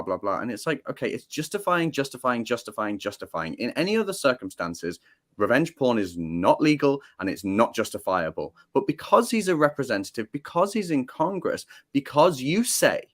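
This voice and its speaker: A man with a British accent, guest-hosting a casual political talk show and building his points through rhetorical questions. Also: medium pitch. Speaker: guest host.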